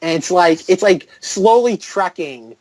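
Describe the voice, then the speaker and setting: A man's voice: high-pitched, expressive, measured pace, darkish tone, no room sound. A man co-hosting a film podcast, rambling sarcastically and filling his talk with "like". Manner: rambling, heavy "like" filler, sarcastic. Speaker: podcast co-host. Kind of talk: casual film podcast chat.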